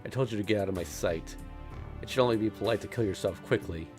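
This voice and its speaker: A man reads out a cruel golden king who looks down on everyone, his voice low and full of cold contempt. Faint music plays under the visual novel reading. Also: quick pace, darkish tone, close to an everyday voice. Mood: contemptuous.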